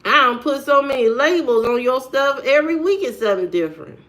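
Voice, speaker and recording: A woman's voice: high-pitched, expressive, fairly quick, a bit bright. A woman vlogger giving a blunt, preachy monologue and firing off rhetorical questions. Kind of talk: preachy straight-to-camera monologue.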